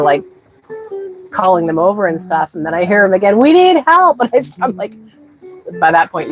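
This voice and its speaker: A woman's voice: on the low side, poor audio. Chatty woman co-host on a boat, faint guitar under her voice. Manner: chatty, laughs along. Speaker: podcast co-host. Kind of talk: casual chat. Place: aboard a sailboat.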